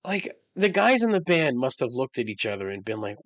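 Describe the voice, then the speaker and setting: This man's mid-range voice is sing-song, a bit bright, and fairly quick with few pauses, and there's no echo. Hosting his own podcast in a casual monologue, he rants sarcastically about songs he can't stand, swearing frequently.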